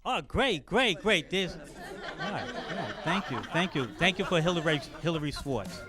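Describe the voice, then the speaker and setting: A man's voice: on the high side, sing-song, moderate pace, crowd noise. A man hosting a comedy show, effusively praising acts and hyping up the next one, repeating words as he goes. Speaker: show host. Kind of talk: emcee banter and introductions. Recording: loud music playing behind the voice.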